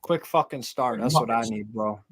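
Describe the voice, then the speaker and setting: A man's voice: mid-range voice, normal speed, husky, no room sound. A man chatting in laid-back, sweary live-stream banter about football. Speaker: stream panelist.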